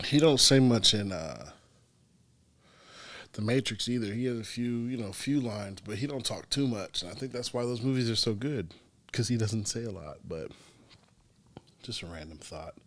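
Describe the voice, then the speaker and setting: A young man hosts his own podcast, talking loosely and with plenty of profanity as he rambles through stories. His voice sits a bit low, and the sound is dry and close, with no room echo. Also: expressive, normal speed, pauses often, fairly bright tone. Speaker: podcast host. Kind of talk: casual solo podcast chat.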